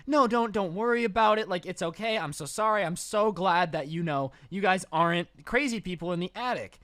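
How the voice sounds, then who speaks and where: A woman's voice: on the low side, brisk, fairly bright tone, close to an everyday voice. A man voicing a flustered young woman who stammers and repeats herself.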